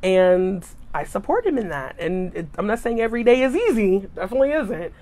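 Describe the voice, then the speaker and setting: Woman in her thirties, guest in a casual conversation, expressive storyteller, middle-pitched voice. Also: a little fast. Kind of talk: casual chat.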